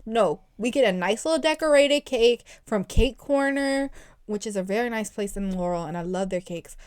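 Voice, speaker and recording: A young woman co-hosting a podcast, telling a story in casual chat with animated, profane ranting. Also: a little high, moderate pace, clear, resonant tone. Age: young adult. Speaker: podcast co-host.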